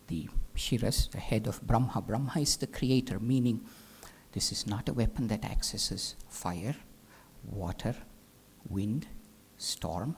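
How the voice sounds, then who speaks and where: A man giving a spiritual talk as a teacher, telling a legend as an animated storyteller who drops into hushed whispers. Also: fairly low pitch, creaky, a little hiss or hum. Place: live talk venue.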